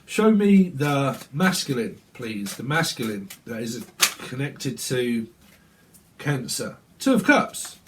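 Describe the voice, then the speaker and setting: A man's voice: mid-range voice, sing-song, takes it slowly, a little hiss or hum. A man giving a casual tarot reading at home, blunt, rambling and profane. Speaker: tarot reader. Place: at home, windy day.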